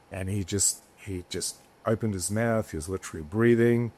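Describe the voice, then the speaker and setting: Fairly low-pitched and warm, this man's voice moves at a normal speed with hardly any pauses. He's a business founder guesting on a podcast, telling stories in a rambling, casual interview style, swearing freely and restarting his sentences.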